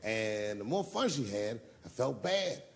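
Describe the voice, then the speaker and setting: A man's voice: lowish voice, sing-song, measured pace, creaky. A man doing stand-up on stage, telling long profane stories and answering audience questions in a loose conversational way. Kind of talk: stand-up storytelling and Q&A. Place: live comedy venue on stage.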